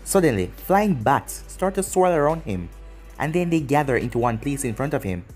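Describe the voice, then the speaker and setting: A man's voice: medium pitch, sing-song, normal speed, darkish tone, faint music behind. A man narrating a fan fiction story in a plain storytelling manner.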